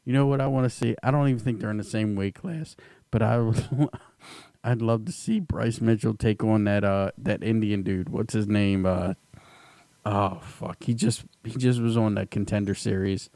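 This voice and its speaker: A man co-hosting a podcast, talking excitedly about a fight, swearing and laughing often. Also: on the low side, moderate pace, no echo. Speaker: podcast co-host. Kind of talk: casual chat.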